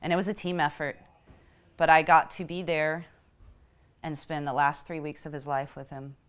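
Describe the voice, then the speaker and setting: A woman telling a personal story in a reflective, emotional way, pausing often as she speaks. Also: low voice, level tone, fairly bright tone, clear, resonant tone. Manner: reflective and emotional, halting with pauses. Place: Houston.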